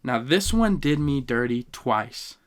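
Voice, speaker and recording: A young man hosting a podcast, casually ranking anime moments with animated, emotional storytelling and slang. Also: medium pitch, slow. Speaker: podcast host.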